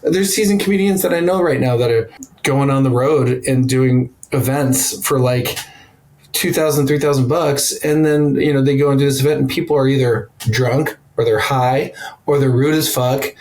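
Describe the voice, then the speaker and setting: A man's voice: mid-range voice, moderate pace, a little mellow, low-quality recording. Rambling man telling comedy stories. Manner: loose, rambling storytelling with blunt profanity. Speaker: comedian guest. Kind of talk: casual podcast chat.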